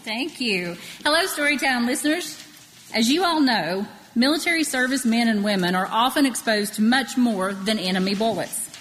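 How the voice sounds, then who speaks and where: A woman's voice: on the high side, expressive, normal speed, a bit bright, in a large hall, rough recording. A woman presenting a scripted local history segment on a radio program.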